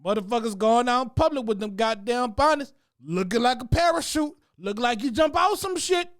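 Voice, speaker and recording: A man, a comedy show host, delivering a profane, animated comic rant about what he has seen around town. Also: very high voice, moderate pace.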